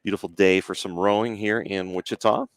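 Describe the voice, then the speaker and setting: Guy doing play by play at a regatta, lowish voice, laid back, dry mic. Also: steady tone, no echo. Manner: easygoing, agreeable, fills with quick asides. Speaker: play-by-play commentator. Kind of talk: sports broadcast commentary.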